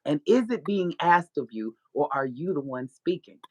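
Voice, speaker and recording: A woman's voice: sits low, animated, normal speed, a little mellow, husky, dry recording. A woman guest telling her story in a blunt, profane way, mixing in spiritual preaching and frequent laughter. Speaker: guest author. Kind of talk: candid personal storytelling.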